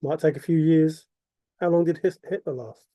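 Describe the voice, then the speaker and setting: Man, fairly high-pitched but very dark tone, dry close sound, insistent repetitive monologue. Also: moderate pace, no room sound. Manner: repetitive, insistent, rhetorical questions. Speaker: vlogger. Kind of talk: impassioned monologue to camera.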